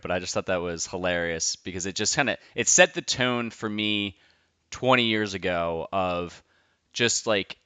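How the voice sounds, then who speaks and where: Podcast host, man, deep and crisp, loose rambling delivery with casual swearing, dry close sound. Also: sharp tone, no echo. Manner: loose, enthusiastic, swears freely, rambling asides. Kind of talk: casual podcast intro monologue.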